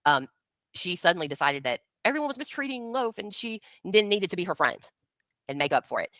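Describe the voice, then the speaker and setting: Low-voiced blunt woman, bright and dry. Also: sing-song, fairly quick, no echo. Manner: blunt, combative, repeated challenges. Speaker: livestream co-host. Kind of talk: heated casual commentary.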